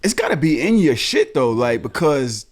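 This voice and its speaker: A man hosting a podcast, talking in lively, joking banter. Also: medium pitch, moderate pace, breathy edge. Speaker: podcast host. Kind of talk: casual chat.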